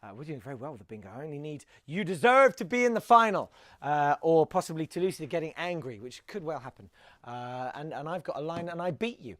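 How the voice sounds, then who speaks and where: A man's voice: a little high, animated, a little fast, a bit bright, dry recording. A man hosting a live comedy web show, rambling and self-mocking with mock-grand outbursts.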